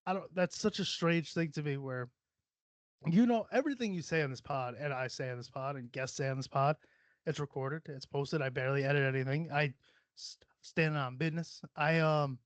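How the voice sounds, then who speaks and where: A man's voice: mid-range voice, no echo. Blunt, profane man on a slightly dull mic. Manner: blunt, profane, rambling and joking. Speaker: podcast host. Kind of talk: casual solo podcast monologue. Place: small cluttered home room.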